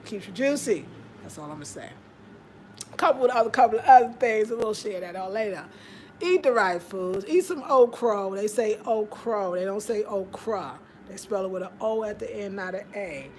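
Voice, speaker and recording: A woman's voice: mid-range voice, expressive, normal speed, darkish tone, slight background noise. Chatty woman hosting a livestream. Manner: chatty, laughs often, drifts between topics. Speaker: livestream host. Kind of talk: casual live-stream chat. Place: home in Ghana.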